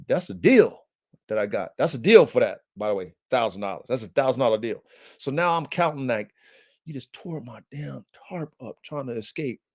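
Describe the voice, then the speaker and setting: A man hosting a podcast, telling a story in an animated, heated way, swearing and using lots of slang and fillers to his listeners. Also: mid-range voice, no room sound, studio quality. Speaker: podcast host. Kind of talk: casual livestream storytelling.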